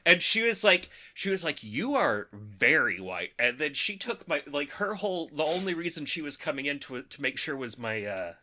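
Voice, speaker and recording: A man hosting a podcast, telling a story in casual chat, animated, laughing through his lines and swearing freely. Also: a little high, fairly quick, few pauses. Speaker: podcast host.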